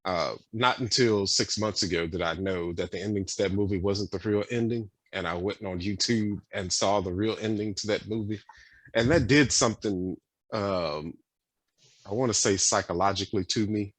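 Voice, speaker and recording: A man's voice: lowish voice, normal speed, no echo. A man co-hosting a podcast, talking casually and earnestly, repeating himself with lots of fillers. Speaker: podcast co-host. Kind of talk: casual chat.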